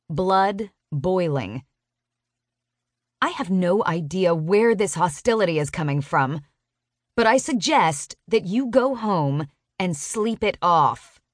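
Expressive woman narrating a romance audiobook. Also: fairly low pitch, takes it slowly, no echo, clean studio sound. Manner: expressive, sharp-tongued storytelling.

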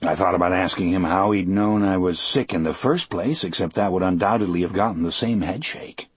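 Low raspy guy reading a novel aloud, slow and steady, dry booth sound. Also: no room sound. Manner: measured, unhurried first-person storytelling. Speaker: audiobook narrator. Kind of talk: audiobook narration.

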